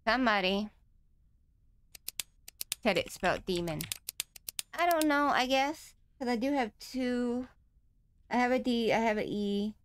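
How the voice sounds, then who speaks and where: A woman who hosts a gaming channel plays a horror game, nervously chatting to herself as she goes before signing off to her viewers. Her pitch is medium, and there's a slight hiss or hum in the audio.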